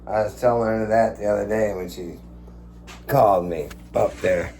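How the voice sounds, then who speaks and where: A man's voice: on the low side, normal speed, a little mellow. A man in his sixties rambling casually at home for his vlog, swearing freely and chuckling as he tells stories. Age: 60s. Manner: profane, chuckling storyteller. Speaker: vlogger. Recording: echoey room with faint hum.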